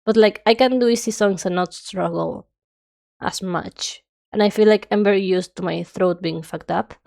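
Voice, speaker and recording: A woman's voice: mid-range voice, moderate pace, creaky, darkish tone. A young woman streamer chatting casually and rambling nonstop while she draws, her nose stuffy. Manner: rambling, chatty, self-described yapping.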